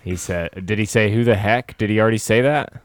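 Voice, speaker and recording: A man with a fairly low voice in a dry, close recording. He pitches lines for a comedy scene in a casual, hesitant way, with plenty of fillers. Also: brisk, clear, resonant tone, no room sound. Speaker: co-writer of a comedy script. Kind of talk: casual brainstorming chat.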